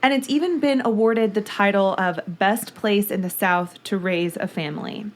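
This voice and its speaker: A woman's voice: mid-range voice, normal speed. A woman hosting a podcast, chatting casually and then narrating a true-crime case in a gushing, talkative way. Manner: chatty, gushing, reads listener mail aloud. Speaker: podcast host.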